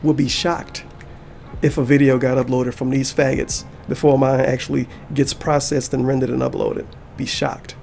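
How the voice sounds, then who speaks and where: Male YouTuber, gravelly, fired-up reaction rant, heavy profanity. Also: medium pitch, level tone, normal speed, darkish tone, faint music behind. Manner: heated, profane ranting. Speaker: YouTuber and streamer. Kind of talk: angry reaction commentary.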